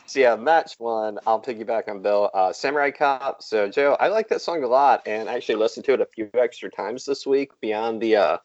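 A man co-hosting a podcast in casual chat, dry and sarcastic, often pausing on "uh" as he rants. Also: mid-range voice, a little mellow, no echo, lo-fi sound. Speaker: podcast co-host.

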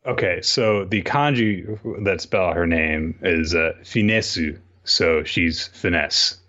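Low-voiced man on a muffled mic. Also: takes it slowly, sharp tone. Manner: brief interjections and corrections. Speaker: podcast co-host. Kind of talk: casual recap chat. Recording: dull, muffled recording.

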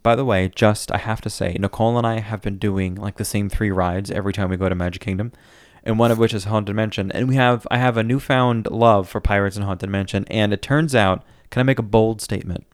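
A man co-hosting a podcast in casual chat, relaxed and rambling with fillers and restarts. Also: on the low side, brisk, dry recording, studio quality. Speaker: podcast co-host.

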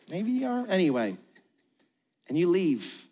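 A man's voice: medium pitch, wildly swooping pitch, unhurried, long pauses, a little mellow, slight background noise. A man preaching a sermon as pastor, conversational, acting out quoted voices. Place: church auditorium. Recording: long hall reverb.

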